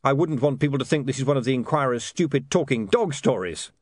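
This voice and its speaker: A man's voice: medium pitch, animated, fast talker, no echo, studio quality, voice pushed up, close to an everyday voice. A man reading aloud, voicing an earnest young reporter who talks eagerly.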